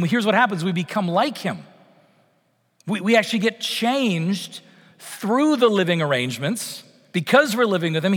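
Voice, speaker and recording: A middle-aged man from Canada delivers a sermon in a loose, conversational way, full of fillers and restarts. His voice sits high for a man. A long reverb trails each phrase, as in a church sanctuary. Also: fairly bright tone. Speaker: pastor.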